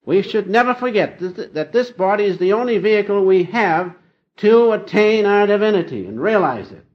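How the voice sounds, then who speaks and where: Older male spiritual teacher, folksy and gently humorous, lively pitch, muffled vintage tape. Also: moderate pace. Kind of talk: informal spiritual talk. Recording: dull lo-fi old recording.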